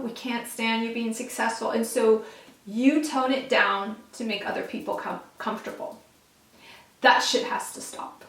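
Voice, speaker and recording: A woman's voice: on the high side, gravelly, fairly bright tone, distant mic. A woman giving a casual tarot reading to her viewers, earnest and emphatic, speaking straight to them. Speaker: tarot reader. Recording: roomy echo, a bit off-mic.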